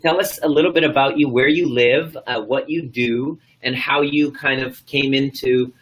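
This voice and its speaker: A man's voice: mid-range voice, fairly even intonation, normal speed, fairly bright tone, poor audio. A man hosting a live video stream as a coach, enthusiastic and loose, rambling with lots of ums and uhs. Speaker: host, coach.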